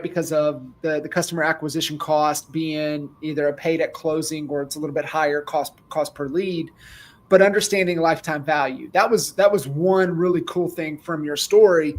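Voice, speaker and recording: A man hosts a podcast and talks with eager enthusiasm, winding through long questions before he gets to the point. His voice is a bit high for a man. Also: low-quality recording. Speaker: podcast host. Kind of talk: conversational interview.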